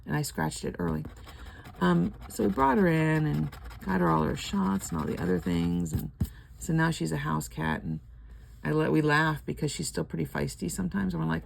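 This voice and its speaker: A woman's voice: low-pitched, big pitch swings, normal speed, vocal fry, a little hiss or hum. An older woman chatting casually and rambling at home while scratching lottery tickets, laughing often.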